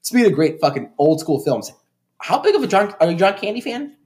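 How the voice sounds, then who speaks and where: A young man in casual podcast chat, swearing freely and retelling movie scenes with animated quoted voices. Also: sits high, fairly quick. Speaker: podcast co-host.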